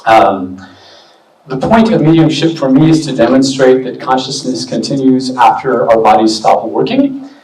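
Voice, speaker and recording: A man giving a relaxed, chatty talk as a medium to an expo audience, with many fillers. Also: medium pitch, moderate pace, far from the mic. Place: expo hall. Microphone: booming handheld or stand mic. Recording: echoey hall, mic heard from afar.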